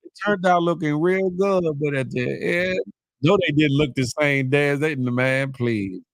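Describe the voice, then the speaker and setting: A man hosting a casual live morning show, chatting with viewers, laughing often and animated as he reads their comments. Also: on the high side, normal speed, no echo, poor audio. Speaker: livestream morning show host.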